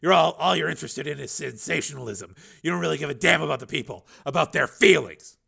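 A man reading an audiobook, voicing a blunt, irritable male cyborg police lieutenant with a gruff, forceful delivery. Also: fairly high pitch, fast talker, voice pushed up, exaggerated voice.

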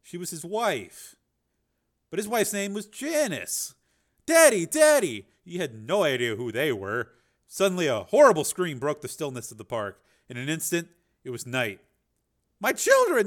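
A man narrating a dramatic audiobook and voicing its characters with shifting pitch. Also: big pitch swings, moderate pace.

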